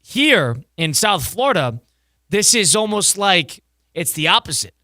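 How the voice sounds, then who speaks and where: A man's voice: sits high, a little slow, dry recording, studio quality. A man from the Northeast US co-hosting a sports radio show, chatting and reading a live ad with lots of energy. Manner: energetic, talkative, jokey. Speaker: radio co-host. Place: radio studio. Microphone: studio mic.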